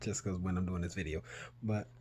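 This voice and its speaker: A middle-aged man, telling a story casually to his vlog audience, animated and swearing freely. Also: a little fast, breathy edge. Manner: animated, swears freely, rises in pitch when retelling panic. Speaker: vlogger.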